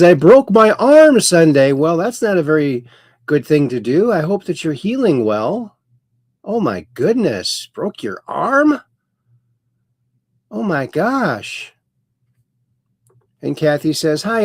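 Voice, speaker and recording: A man's voice: fairly high pitch, very animated, takes it slowly, pauses often, darkish tone, breathy edge, no echo, studio quality. A man hosting a casual livestream, reading viewers' chat messages aloud in a folksy, playful sing-song way. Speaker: host.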